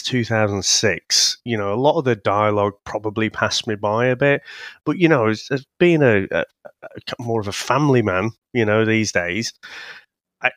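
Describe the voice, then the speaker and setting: Laid-back low-voiced man. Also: a bit bright, dry recording, clean studio sound. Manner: laid-back, halting, casually sweary. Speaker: podcast co-host. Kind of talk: casual film review chat.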